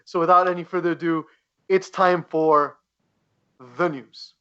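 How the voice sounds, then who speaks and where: A man hosting a casual podcast, joking and animated, often restarting his sentences. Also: fairly high pitch, a little slow, clean tone, muffled recording. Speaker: podcast host. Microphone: podcast mic, leans away at times.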